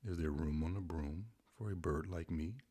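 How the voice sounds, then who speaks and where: A man's voice: sits low, normal speed, warm tone, slightly rough. A man voicing a small, polite female bird in a bedtime storybook reading. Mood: eager.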